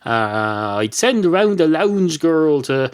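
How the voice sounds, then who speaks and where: A man puts on a bossy tomcat tending bar, brushing off his friend with curt, grumbling lines. The voice sits low and lively, swinging up and down as he lays down the rules. A comic spoken-word story. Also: slow pace. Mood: dismissive. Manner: gruff and dismissive, sweary. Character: male cat working behind a pub bar, curt and bossy.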